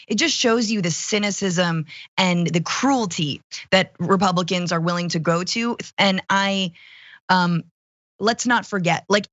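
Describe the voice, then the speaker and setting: A woman in her thirties giving animated, impassioned political commentary in casual chat, dropping quick asides. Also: on the low side, dry recording, dull audio. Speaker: guest co-host, political commentator.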